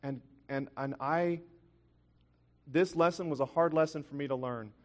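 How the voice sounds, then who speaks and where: A man's voice: on the high side, normal speed. Earnest man preaching in a reverberant hall. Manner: earnest, animated storytelling with frequent restarts. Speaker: pastor. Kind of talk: sermon storytelling.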